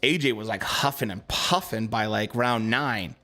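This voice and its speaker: A man's voice: on the low side, normal speed, sharp tone, faint music behind. Casual man talking boxing. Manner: casual, filler-heavy, answers chat. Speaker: streamer. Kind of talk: casual live-stream boxing chat.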